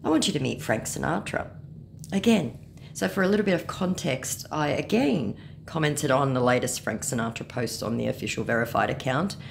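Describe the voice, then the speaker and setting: A woman with a low, deep voice reads out a chat with commentary, mocking and sarcastic. Her pitch swings widely as she throws blunt insults. Behind her a faint hum of a heater in a slightly echoey work room. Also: creaky. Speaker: video creator baiting scammers. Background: heater running.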